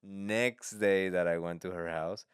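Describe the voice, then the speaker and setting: A man with a Latino accent hosting a casual podcast, telling stories with frequent laughter and loud quoted outbursts. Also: low voice, steady tone, unhurried, clear, resonant tone, no echo, studio quality. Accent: Latino-accented English. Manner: laughs often, bursts into loud quoted voices. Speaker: podcast host. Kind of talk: casual comedic chat.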